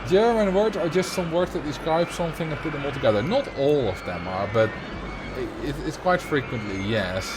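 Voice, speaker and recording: A man's voice: on the high side, expressive, brisk, noisy background. A man with a Dutch accent giving casual, joking commentary while livestreaming a game. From Netherlands. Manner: chatty, laughs often, jokes about words.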